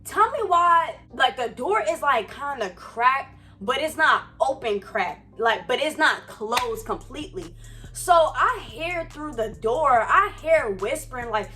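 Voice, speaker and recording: A young woman tells a heated storytime to the camera, her voice sitting high and bright. She talks in animated, profane slang, getting fired up as she goes, with faint music behind her. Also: unhurried. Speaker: vlogger. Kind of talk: casual storytime. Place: Florida.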